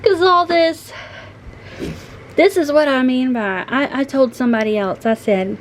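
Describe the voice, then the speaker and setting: A woman with a drawl talks casually at home and unhurried. Her pitch sits a bit high. When she turns to her pets, her voice lifts into a sing-song coo. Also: slight background noise, poor audio. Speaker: vlogger. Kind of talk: casual chat to her cats and viewers.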